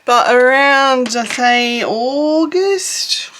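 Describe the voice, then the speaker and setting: A woman's voice: high voice, drawn-out words, fairly bright tone, a little hiss or hum. A middle-aged Australian woman chatting casually to her channel while crafting, rambling and correcting herself, with small chuckles. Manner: rambling, self-correcting, chuckles as she talks. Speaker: YouTube crafter and vlogger. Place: home, in a suburb.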